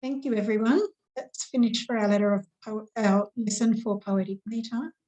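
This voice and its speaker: Teaching an online grammar lesson to schoolchildren, a woman speaks patiently and in a measured way, slowly stressing each syllable as she recites. Her voice is medium-pitched and mellow with fairly even intonation, and the audio quality is poor.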